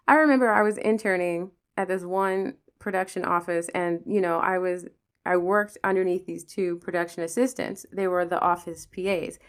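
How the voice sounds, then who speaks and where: A Pennsylvania woman hosts a podcast, delivering a casual storytelling monologue about her own life. She's animated and swears freely, acting out the people involved, in a lowish voice.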